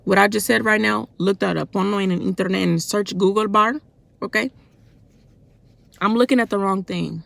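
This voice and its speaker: A woman giving a fervent, colloquial devotional talk for her faith vlog. She speaks loudly and in a worked-up way, and keeps asking rhetorical questions. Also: mid-range voice, steady tone, normal speed, gravelly, dry recording. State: loud and worked up. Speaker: faith vlogger.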